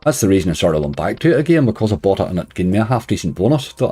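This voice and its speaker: On a live stream, a man chats casually while he plays, greeting viewers and making wry jokes that he softly laughs at himself. His voice is low-ish and slightly rough, very animated and very fast with hardly any pauses, over soft background music.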